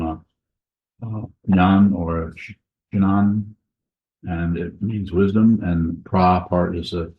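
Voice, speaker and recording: A Buddhist teacher with a low-sitting voice gives a Dharma talk in a monastery meditation hall. He speaks slowly and haltingly, with many pauses and restarts, and the recording sounds echoey and dull.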